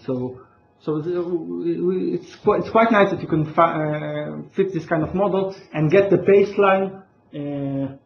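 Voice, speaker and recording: A man giving an academic conference talk, hesitant, with many fillers and restarts. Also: a little high. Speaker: conference speaker. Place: large lecture hall. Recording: echoey lo-fi hall recording, faint noise.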